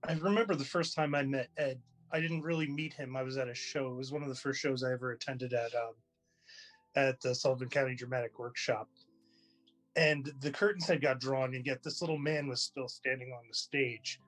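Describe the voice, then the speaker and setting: A man sharing a chatty, lively personal story in a tribute to a theater colleague, with many restarts and fillers. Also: mid-range voice, a little fast, faint music behind, rough recording. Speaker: theater company member giving a tribute. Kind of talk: personal anecdote, casual storytelling.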